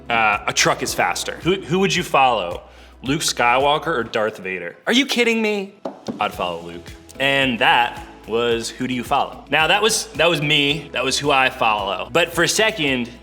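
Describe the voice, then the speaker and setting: A young man with a bright, ringing voice talks to young people in a loose, joking way, stringing thoughts together with lots of "like." Soft music runs faintly underneath. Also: mid-range voice. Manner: playful, chatty, full of "like" fillers. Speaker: church youth speaker. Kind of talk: casual video talk to youth.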